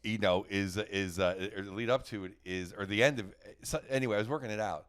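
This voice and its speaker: A man's voice: lowish voice, brisk, fairly bright tone, clean tone. A middle-aged man, a guest comedian, telling rambling stories in casual chat and acting out what people said. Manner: rambling, restarts and acts out quotes. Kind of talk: casual storytelling.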